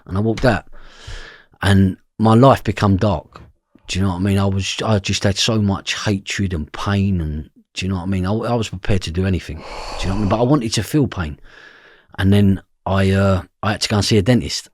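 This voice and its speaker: A man's voice: low-pitched, fairly even intonation, a little fast, no room sound, studio quality. A man telling a story from his past, blunt and swearing freely, often asking "do you know what I mean". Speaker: podcast guest. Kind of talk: personal storytelling.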